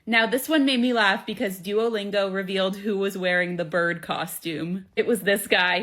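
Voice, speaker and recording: A woman narrating a quick, wry recap of creators' confessions. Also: mid-range voice, sharp tone. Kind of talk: recap commentary.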